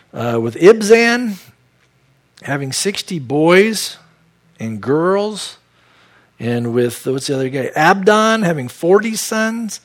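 With a mid-range voice, this pastor from San Diego works through a Bible passage verse by verse. Folksy, conversational asides run through his teaching.

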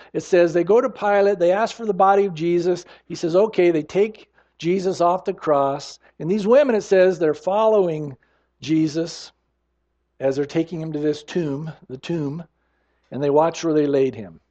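A man preaching a sermon with emphasis, slowing down to stress the scripture lines he quotes. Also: sits high, dark tone, lo-fi sound. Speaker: pastor.

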